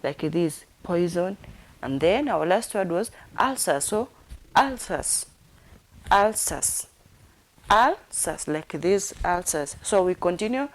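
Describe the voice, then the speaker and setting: A woman's voice: fairly low pitch, expressive. A woman teaching sign language, repeating each word and spelling it out letter by letter. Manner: slow, repetitive, spells words letter by letter.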